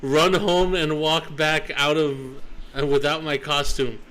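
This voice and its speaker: A man's voice: fairly high pitch, steady tone, fairly bright tone, clear, resonant tone, rough recording. A man hosting a stream, chatting casually and reading stories aloud, laughing as he reads. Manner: laid-back, drawn-out delivery, laughs through reading. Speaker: streamer and host.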